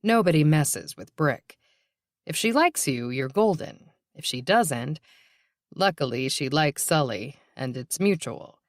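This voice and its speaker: A woman narrating a novel in a steady, even reading voice. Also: deep voice, measured pace, dry recording, clean studio sound. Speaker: audiobook narrator. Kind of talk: scripted narration.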